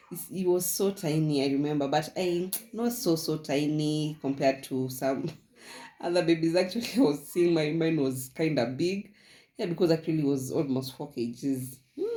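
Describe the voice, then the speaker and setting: A woman's voice: low-pitched, dark tone. A young woman, telling her own story in a casual vlog, rambling and repeating herself with frequent laughs. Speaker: vlogger. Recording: echoey room.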